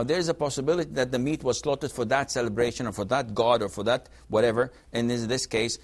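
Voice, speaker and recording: A man answering viewers' religious questions on a call-in TV show, speaking emphatically and acting out quoted exchanges. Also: mid-range voice. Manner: lively, emphatic, acts out quoted dialogue.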